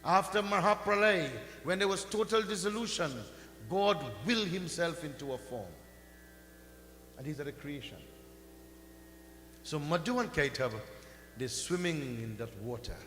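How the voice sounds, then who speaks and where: A man giving a religious discourse, telling a sacred story with slow, swelling emphasis and chanting mantras now and then. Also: a little high, fairly bright tone. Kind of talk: sermon storytelling. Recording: echoey hall with faint hum.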